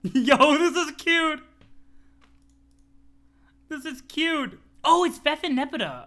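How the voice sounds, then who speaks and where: A man casually reacting to a webcomic on a live stream, excitable and quick to laugh. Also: very high voice.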